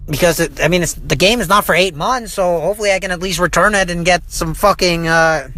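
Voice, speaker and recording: A man's voice: high-pitched, a little fast, bright, forceful tone, a little hiss or hum. A man hosting his own podcast, telling a travel story in a profane, rambling, heated rant. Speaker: podcast host. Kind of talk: recorded travel diary monologue.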